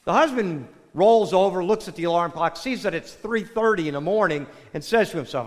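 A man preaching a sermon, telling a joke in a folksy, animated way before turning to a Bible reading. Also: high-pitched, brisk, few pauses. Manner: folksy storyteller, animated with acted quotes. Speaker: pastor. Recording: long hall reverb.

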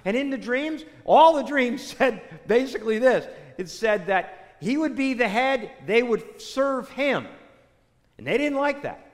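Man preaching in a church, high voice, chatty with asides, echoey hall. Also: lively intonation, measured pace. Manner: conversational, full of "you know" asides. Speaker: pastor. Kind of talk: sermon.

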